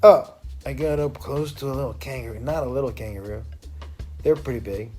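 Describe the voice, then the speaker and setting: A man's voice: mid-range voice, brisk, darkish tone, faint music behind. A man hosting a comedy show, telling a crude, rambling story and laughing often. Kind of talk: loose stand-up storytelling.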